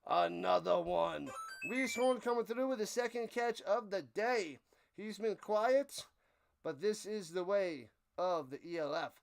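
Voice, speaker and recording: On his stream, a young man with a high, smooth, clear voice gives live play-by-play of a football game at a slightly slow pace. He jokes, promotes a friend's channel, and laughs when he trips over a player's name, staying lively throughout.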